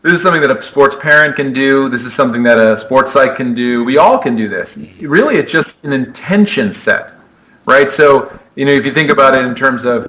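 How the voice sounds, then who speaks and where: A man's voice: medium pitch, brisk, sharp tone, rough recording. A man, a sport psychologist, earnestly explaining ideas in a podcast interview, often restarting his sentences. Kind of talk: conversational explanation.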